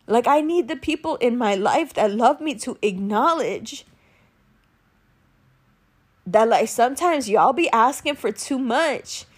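A young woman with a high voice talks straight into the mic in a raw, confessional monologue. She swears freely and keeps circling back to her feelings. At times she speeds up in frustration, and at other times she slows right down. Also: lively intonation, breathy edge. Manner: emotional, profane, confessional. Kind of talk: candid monologue.

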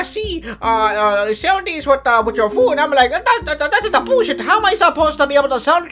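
A woman voicing an excitable older male restaurant owner who speaks broken English in a loud, high, rambling way, in an improvised comedy skit. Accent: put-on broken English. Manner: rambling storyteller, shouts and exclaims.

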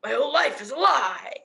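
Lively, giggly young woman podcaster. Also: medium pitch. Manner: giggly, self-deprecating. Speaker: podcast co-host. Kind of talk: casual chat.

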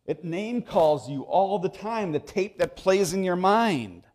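A man's voice: high-pitched, animated, unhurried, darkish tone. A man preaching a sermon as pastor, emphatic and repeating phrases for stress.

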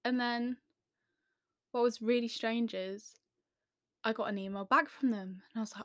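A young woman from the English Midlands telling a story to camera in a chatty, self-deprecating way, with quick asides. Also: on the high side, steady tone, a bit bright, no echo, studio quality. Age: young adult.

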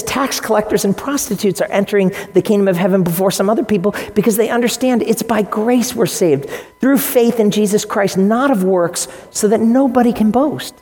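A woman's voice: medium pitch, warm tone. A woman pastor preaching a sermon to her congregation, teaching earnestly with varied emphasis. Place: church sanctuary. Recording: long reverb in a large hall.

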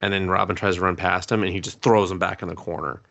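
A man's voice: low voice, fast. A man co-hosting a podcast, casually retelling an anime episode with lots of swearing and acted-out quotes. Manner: profane, animated storytelling, acting out quotes. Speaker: podcast co-host.

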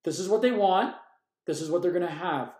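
Earnest high-voiced preacher in echoey room. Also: male voice, lively intonation, a little fast, a little mellow. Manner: earnest, emphatic, varies pace while reading. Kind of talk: sermon with scripture reading.

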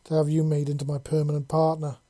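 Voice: mid-range voice, monotone, quick pace, mellow, no echo, clean studio sound, natural voice. A narrator voicing a bold, flirtatious female robot soldier who teases playfully, read from a storybook. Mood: teasing. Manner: teasing, playful.

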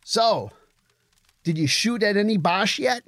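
A man's voice: sits high, expressive, a little slow, a bit bright, no room sound, voice pushed up. A man voicing a taunting young American infantry soldier who needles a comrade in a cocky, raised voice.

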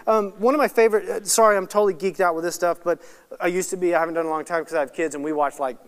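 A man teaching at a Bible study, swinging from hushed, earnest lines to loud, rapid, excited asides. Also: high voice, clear, resonant tone, big-room sound. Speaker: guest speaker at a Bible study. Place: church hall or meeting room.

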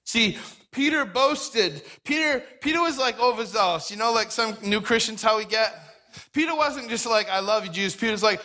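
Pastor guy giving a sermon, high bright voice, animated, acts out little dialogues. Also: moderate pace. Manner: animated, acts out quoted voices, repeats words.

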